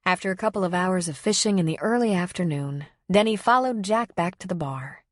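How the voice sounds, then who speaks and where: A woman narrating an audiobook novel with an even, clear storytelling delivery. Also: on the low side, a little fast, dry recording, clean studio sound.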